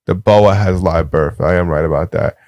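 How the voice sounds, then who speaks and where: A man's voice: deep voice, moderate pace, darkish tone, no echo. A man co-hosting a podcast, rambling and arguing in casual, profane chat. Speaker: podcast co-host.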